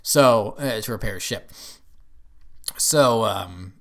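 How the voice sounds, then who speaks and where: A man's voice: lowish voice, slow. A man giving a casual, rambling spoken review of a TV episode, with lots of "um"s and restarts. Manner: rambling, full of fillers and restarts. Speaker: TV show reviewer.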